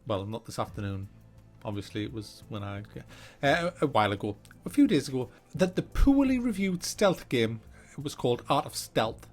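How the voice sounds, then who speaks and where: A man rambles through a gaming news vlog, joking and swearing as he jumps between topics. His voice sits a little high and swoops up and down with lively energy, and faint music plays behind him. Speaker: gaming channel host.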